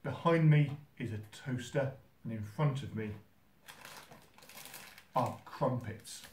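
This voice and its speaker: A man's voice: medium pitch, normal speed, a little mellow, distant mic, slight background noise. Dry mock-serious man in an echoey kitchen. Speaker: host. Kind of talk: deadpan comic how-to video. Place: holiday home kitchen indoors.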